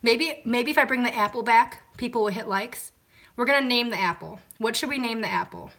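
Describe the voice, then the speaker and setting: A woman's voice: fairly high pitch, fairly quick, fairly bright tone. A woman hosting a casual live stream at home, chatting to viewers, greeting them and answering comments while washing glasses by hand.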